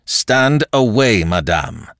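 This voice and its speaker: A man's voice: deep voice, animated, unhurried, no echo, clean studio sound. A man voicing a stern young man who gives orders in a hard, commanding way.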